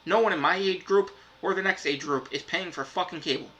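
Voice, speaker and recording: A man's voice: high voice, brisk, pushed and bright, poor audio. Angry, foul-mouthed man ranting on camera. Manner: frustrated, swears constantly. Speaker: reviewer. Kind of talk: profane ranting review.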